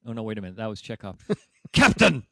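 A man's voice: lowish voice, quick pace, dry recording. A man in casual chat, retelling a TV episode with hummed music cues and acted-out lines. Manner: animated storyteller, hums music cues and acts out lines. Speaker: podcast co-host.

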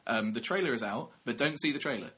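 A young film critic co-hosting a podcast rambles in wry, casual chat, correcting himself as he goes. His mid-range voice is fast, pushed, bright and husky.

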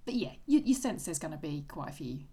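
A woman's voice: low voice, very animated, fast, dark tone, husky. A woman co-hosting a podcast, chatting wryly about a novel and reading passages aloud. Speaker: podcast co-host. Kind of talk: casual book discussion.

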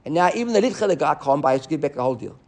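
A man teaching a Talmud class, animated and often restarting as he explains. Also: on the high side, rapid-fire, noisy background. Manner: animated, restarts often, mixes Hebrew and Aramaic terms.

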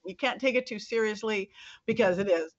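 A woman's voice: medium pitch, brisk, dull audio. A woman hosting a podcast, chatting casually with a guest and laughing often. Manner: chatty, warm laughter, restarts. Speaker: podcast host. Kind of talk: casual video-call chat.

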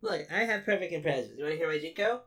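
A woman's voice: low voice, lively intonation, racing, a bit bright. A woman playing a tabletop role-playing game, mock-confident and playful. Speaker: player. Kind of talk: tabletop role-play banter.

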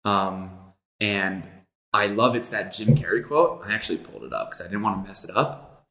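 A man's voice: on the low side, animated, normal speed, sharp tone. A man co-hosting a casual podcast chat, speaking reflectively and personally with fillers. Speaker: podcast co-host. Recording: echoey room.

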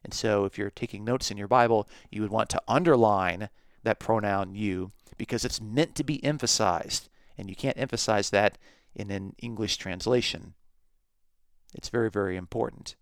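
A man teaching a recorded Bible lesson, measured and emphatic on key words. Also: fairly low pitch, no echo, studio quality.

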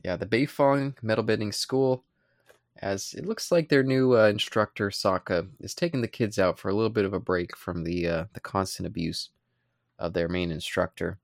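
A man co-hosting a podcast, recapping a comic in a relaxed, rambling way with playful asides. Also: fairly low pitch, normal speed, creaky, no echo, studio quality. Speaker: podcast co-host. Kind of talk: casual chat recapping a comic.

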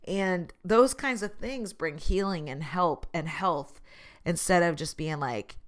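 A woman's voice: low-pitched, animated, measured pace. A woman talking through her thoughts in a casual, earnest vlog monologue, laughing at herself now and then. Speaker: vlogger.

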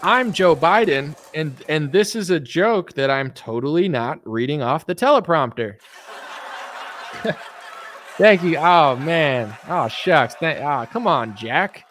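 A man doing a halting, stumbling impression of a folksy, confused elderly male politician in a comedy video. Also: a little high, animated, fairly bright tone, slight background noise, voice pushed up. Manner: halting, stumbling, repeated words.

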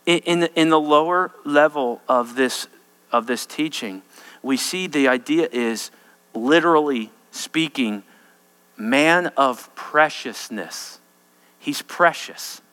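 A male preacher with a high, bright voice delivers an emphatic sermon. He keeps turning to his listeners to check that they are following. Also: slow pace, clean tone, in a large hall. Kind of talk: expository sermon.

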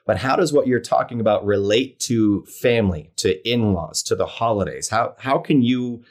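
A man's voice: on the low side, normal speed, a little mellow. A man hosting an interview, asking long conversational questions. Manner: conversational, rambling questions, frequent "mm" listening sounds. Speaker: interviewer host.

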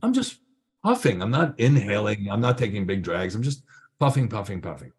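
Older man telling a lively story. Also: on the low side, moderate pace. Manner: animated anecdote-telling, acting out voices and drum sounds. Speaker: guest drummer. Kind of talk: casual storytelling.

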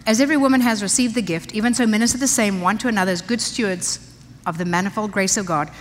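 An older pastor's wife addresses the women of a church in a conversational, emphatic sermon. She speaks at a medium pitch and a quick pace, and the church hall adds a long reverb.

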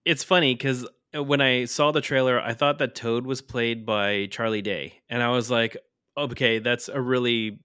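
Bright man in a dry room. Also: medium pitch, fairly even intonation, moderate pace, hardly any pauses, clean tone, no room sound. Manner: rambling, full of "like" fillers. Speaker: podcast co-host. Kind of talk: casual chat.

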